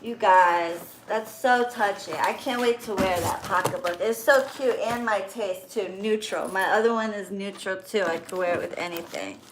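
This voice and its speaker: A woman's voice: mid-range voice, moderate pace, few pauses, noisy background. A woman in her thirties chatting to her viewers while opening birthday gifts, gushing with thanks. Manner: effusive, grateful, gushing. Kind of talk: casual chat to viewers.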